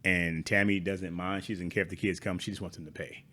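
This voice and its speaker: A middle-aged man co-hosting a podcast, talking in a relaxed, conversational way with frequent agreeing asides. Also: deep voice, fairly quick. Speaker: podcast co-host. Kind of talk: casual chat.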